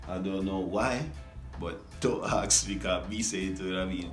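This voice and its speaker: A very deep-voiced Jamaican man chats through a playful vlog, chuckling and repeating words slowly. His voice rings in a roomy space, with faint guitar music underneath. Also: darkish tone. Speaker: vlogger. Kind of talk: casual vlog explaining pronunciation.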